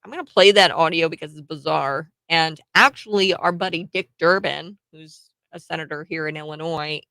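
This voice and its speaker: A woman's voice: sits low, moderate pace, gravelly, pushed and bright, no echo. A woman, hosting casual political commentary in a blunt, sarcastic way, laughing between points.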